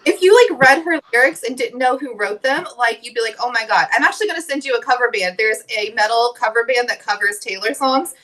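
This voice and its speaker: Bright, blunt woman on a podcast panel. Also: on the high side, fast talker, few pauses. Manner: heated, blunt, swearing, laughing. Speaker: co-host. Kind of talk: casual roundtable chat.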